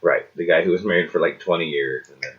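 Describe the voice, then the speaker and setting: Deep-voiced, laid-back man. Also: fast talker, dull audio. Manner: laid-back, rambling, blunt with swearing. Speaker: podcast co-host. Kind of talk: casual chat.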